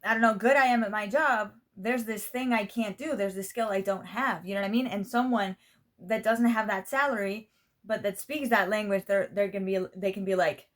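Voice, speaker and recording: A woman's voice: medium pitch, moderate pace, a bit bright. A young adult woman from Spain, a native Spanish speaker who speaks English with an American-style pronunciation. She talks candidly and ramblingly to the camera, repeating "you know what I mean" and swearing freely. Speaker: vlogger. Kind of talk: casual talk to camera.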